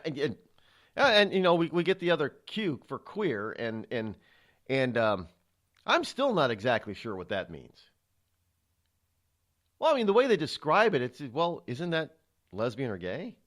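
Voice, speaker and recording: A male talk show host giving political commentary, halting often with restarts and sighs. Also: on the high side, a bit bright.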